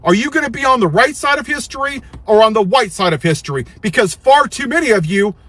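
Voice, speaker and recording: Man, high voice, confrontational preachy delivery, very dry close recording. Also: animated, fast talker, fairly bright tone, no echo. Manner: preachy, confrontational, rhetorical questions. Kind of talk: direct-to-camera commentary.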